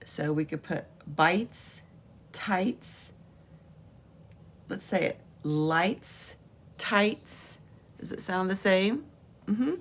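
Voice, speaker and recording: Slow, gravelly-voiced woman teacher. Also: medium pitch, animated. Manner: slow, patient, sounding out letters. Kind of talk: home video lesson on phonics. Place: her room at home.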